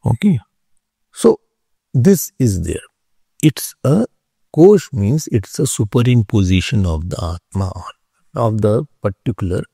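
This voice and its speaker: A man gives a spiritual philosophy lesson, his low, gravelly voice swinging widely in pitch. He explains patiently and repeats his key terms. The sound is close and dry. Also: lively intonation, measured pace, pauses often, dark tone, dry recording. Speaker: spiritual teacher. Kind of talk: philosophy class lecture.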